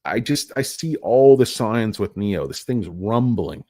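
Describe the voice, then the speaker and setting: Lively joking stock-market vlogger man. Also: mid-range voice, measured pace, hardly any pauses, no echo, studio quality. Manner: jokey, self-deprecating, rambling. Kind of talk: casual rambling commentary.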